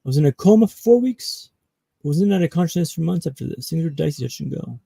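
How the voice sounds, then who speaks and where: Gravelly-voiced man telling a dramatic story. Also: on the high side, lively intonation, mellow, dry recording, poor audio. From Canada. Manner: dramatic, paced storytelling with pauses. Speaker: guest speaker. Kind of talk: storytelling in a podcast interview.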